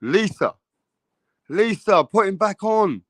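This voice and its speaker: A man's voice: high-pitched, lively intonation, slow pace, a bit bright, no echo, studio quality. A man with an English accent hosting a casual boxing live stream, joking with viewers and swearing freely. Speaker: boxing channel host.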